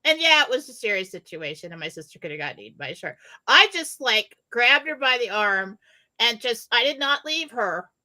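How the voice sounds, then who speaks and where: A woman's voice: on the high side, sing-song, a little fast, pushed and bright. A woman co-hosting a casual talk show, telling stories animatedly and laughing as she goes. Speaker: co-host. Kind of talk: casual chat, storytelling.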